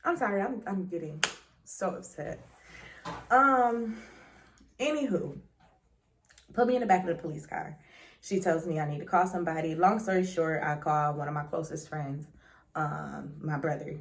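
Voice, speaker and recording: A young woman telling a dramatic story in a chatty storytime vlog, full of slang and quick swings between loud and hushed. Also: low-pitched, slight background noise. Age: young adult. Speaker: vlogger.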